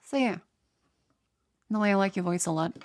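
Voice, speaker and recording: A woman's voice: mid-range voice, moderate pace, a little mellow. Nasal Australian woman with a cold. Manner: rambling with many restarts. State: has a cold. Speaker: streamer. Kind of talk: casual chat, answering chat.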